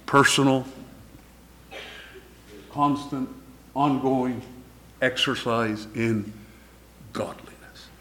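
A man's voice: medium pitch, fairly bright tone. A man preaching a sermon, building emphasis word by word and then dropping to a near whisper, with the odd chuckle between points.

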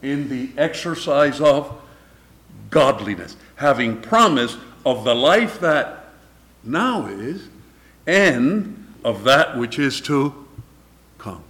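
A man's voice: medium pitch, animated, slow pace, long pauses, a bit bright. A man preaching a sermon, building emphasis word by word and then dropping to a near whisper, with the odd chuckle between points.

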